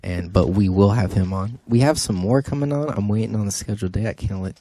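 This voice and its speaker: Podcast co-host, man from Ohio, low voice, casual joker. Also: quick pace, mellow, no echo, clean studio sound. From Dayton, Ohio. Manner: jokey, loose, hype-man announcing.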